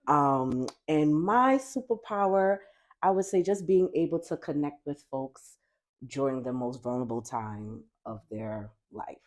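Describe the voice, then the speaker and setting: A woman's voice: sits low, expressive, a little slow. A woman from Brooklyn, a lead midwife, introducing herself with enthusiasm. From Brooklyn, New York. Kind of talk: round table introduction.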